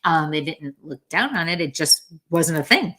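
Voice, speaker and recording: Middle-aged woman, low voice, chatty guest who laughs a lot and doesn't mind swearing. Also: lively intonation, normal speed, bright, forceful tone. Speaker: podcast guest, medium. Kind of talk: casual chat.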